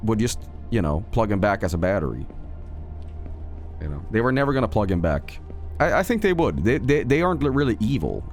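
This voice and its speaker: A man streaming a game, chatting casually while rambling, swearing and laughing often. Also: lowish voice. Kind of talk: casual livestream chat while gaming.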